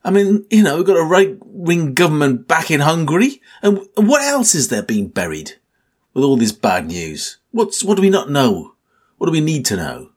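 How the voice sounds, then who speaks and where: A man in his sixties with a husky voice, delivering an angry, swearing political rant in exasperated outbursts. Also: on the high side, very animated, measured pace, long pauses. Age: 60s.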